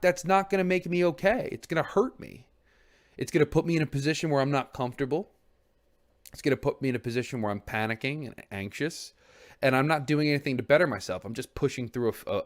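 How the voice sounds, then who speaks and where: A young man thinks out loud on his own stream. His talk rambles, circles back with restarts, and is sprinkled with casual swearing. He sounds candid and earnest, as if confiding in whoever is listening. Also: mid-range voice. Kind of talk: reflective solo stream chat.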